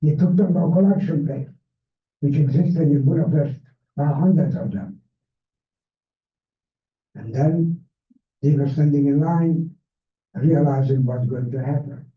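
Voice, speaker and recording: An older man with a Hungarian accent tells his story at an unhurried, measured pace, his English carrying the turns of a native Hungarian speaker. His voice sits a touch high for a man. It comes from a distance in a reverberant room, thin and narrow like a phone line. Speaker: Holocaust survivor speaker. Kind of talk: personal testimony talk. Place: library event room.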